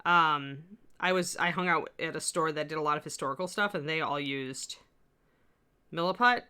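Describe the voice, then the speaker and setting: Female instructor, low register, rambling friendly asides, faint West Coast accent. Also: normal speed, pushed and bright, clear, resonant tone. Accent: slight US West Coast. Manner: chatty, rambling asides while working. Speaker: miniature sculpting instructor. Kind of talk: live-stream tutorial chat.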